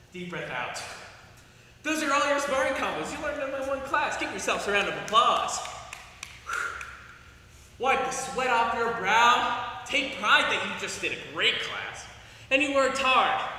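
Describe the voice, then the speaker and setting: A man's voice: high voice, pushed and bright. A young man leading an online martial arts class over a video call, coaching upbeat and giving commands. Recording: echoey hall sound from off-mic.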